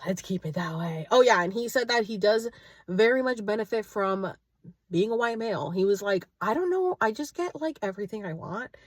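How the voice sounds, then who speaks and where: A woman in her late thirties talks straight to her followers from home, retelling a night out with lively quoted back-and-forth. Her voice sits at an ordinary middle pitch. The sound is dry and close, with no room echo. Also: a little fast. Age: 30s. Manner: chatty, animated retelling with quoted dialogue. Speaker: vlogger. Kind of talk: casual storytelling to camera. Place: at home, indoors.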